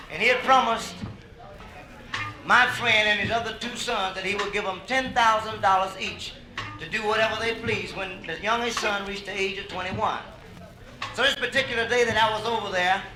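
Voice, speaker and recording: Male standup storyteller, high voice, live club room echo. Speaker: stand-up comedian. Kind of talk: adult comedy storytelling. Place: nightclub stage. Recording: echoey live club recording.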